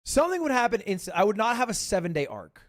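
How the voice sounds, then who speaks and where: A man hosting a livestream, chatting casually in a rambling, joking way with quick asides. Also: high-pitched, big pitch swings. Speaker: livestream host. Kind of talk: casual reaction-stream chat.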